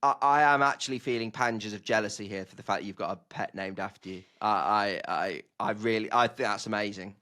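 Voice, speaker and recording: Man, bright voice, excitable, restarts sentences, podcast co-host. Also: fairly low pitch, fairly quick, hardly any pauses. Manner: chatty, excitable, stumbles and restarts. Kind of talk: casual chat.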